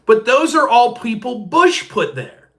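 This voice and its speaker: A man impersonating a smug young woman at a party in a high, whiny, mocking voice. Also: very animated, unhurried, sharp tone, full character voice. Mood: insistent.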